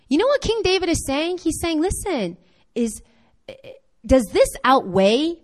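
A woman preaching a sermon to her congregation, impassioned and rising to near-shouts on key points, firing quick questions at the listeners. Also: sits high, big pitch swings.

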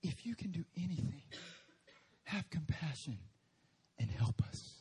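A man voicing a helpless father who pleads softly and haltingly for his son. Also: on the high side, expressive, breathy edge, full character voice. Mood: pleading. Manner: hushed, pleading, trailing off.

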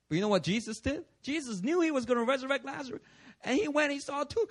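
Animated high-voiced man preaching. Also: a little fast. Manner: animated, acts out voices and laughs often. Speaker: pastor. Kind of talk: sermon.

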